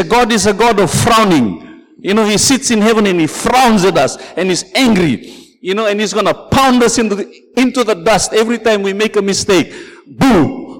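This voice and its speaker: Guy preaching a sermon, really high voice, big church reverb, tells stories, lots of amen. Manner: preaching with calls of "Amen" and "Praise the Lord", storytelling. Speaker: pastor.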